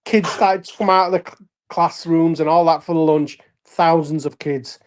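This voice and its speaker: Man, Yorkshire accent, casual interview guest, lively anecdotes, laughs often. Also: fairly high pitch, normal speed. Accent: Yorkshire English. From Leeds, England. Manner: animated anecdotes with frequent laughs and acted-out quotes. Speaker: guest, wrestler and actor. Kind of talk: casual storytelling chat.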